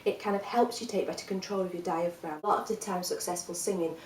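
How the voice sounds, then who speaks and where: A woman with a fairly low voice leads a singing workshop, calm and encouraging as she explains each exercise step by step. Her voice carries the echo of a hard room and sits a little back from the mic, with a faint hiss behind it. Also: quick pace, far from the mic. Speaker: singing teacher. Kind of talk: vocal workshop instruction.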